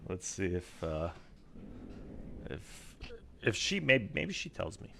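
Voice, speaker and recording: A man's voice: sits low, very animated, slow, creaky, bright, forceful tone, slight background noise. A man giving casual, chatty gameplay commentary, self-deprecating and swearing now and then. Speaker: streamer.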